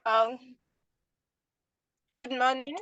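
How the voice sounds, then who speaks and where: A woman's voice: sits high, little pitch movement, extremely slow, a bit bright, dry recording, muffled recording. A woman from Nigeria asking a formal, carefully prepared question over a video call. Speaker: workshop participant.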